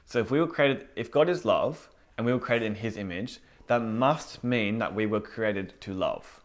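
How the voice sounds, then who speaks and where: Speaking at a normal speed in a voice on the low side, a man leads a Bible lesson as a preacher. His informal, chatty teaching is full of rhetorical questions to the room, and he acts out inner voices.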